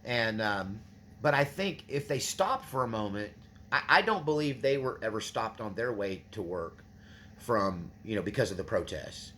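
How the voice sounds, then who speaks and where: A man's voice: fairly low pitch, animated, moderate pace, a bit bright, slight background noise. A man hosting his own channel, talking earnestly and rambling to his viewers. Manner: earnest, rambling, restarts often. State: choked up, near tears. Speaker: channel host. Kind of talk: casual monologue to viewers.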